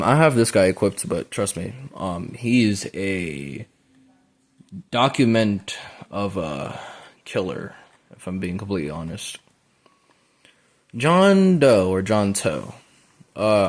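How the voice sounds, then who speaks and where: A man giving casual, rambling gameplay commentary, full of fillers, breaking into excited yelps while playing. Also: lowish voice. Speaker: gaming YouTuber. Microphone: phone.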